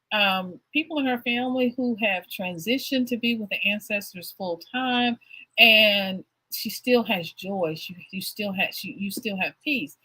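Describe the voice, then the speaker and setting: Woman, interview host, casual chat, bright forceful tone, husky, laughs often. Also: mid-range voice, rough recording. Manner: warm, affirming, laughs often.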